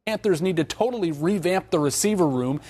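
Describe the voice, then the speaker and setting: A man reading a scripted sports news report in a crisp, even delivery. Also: high voice, fairly quick.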